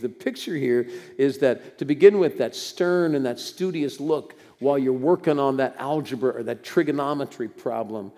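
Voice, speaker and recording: A man's voice: mid-range voice, normal speed, few pauses, warm tone. An older man preaching a sermon in a conversational, folksy way with bursts of emphasis. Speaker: pastor. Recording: long hall reverb.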